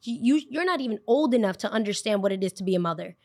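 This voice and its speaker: A woman's voice: medium pitch, animated, rapid-fire, darkish tone, natural voice. A woman voicing a furious, overbearing mother who shrilly accuses a young daycare worker. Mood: accusing.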